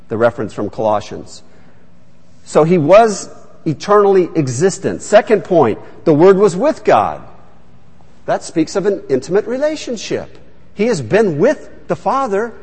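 A man preaching a sermon as pastor, teaching the congregation lively with asides and jokes. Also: fairly high pitch, breathy edge, big-room sound.

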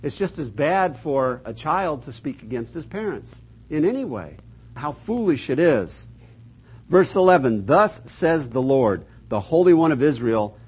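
A man's voice: medium pitch, breathy edge, rough recording. Folksy older man teaching a Bible class. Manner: folksy, joking, reads scripture aloud with emphasis.

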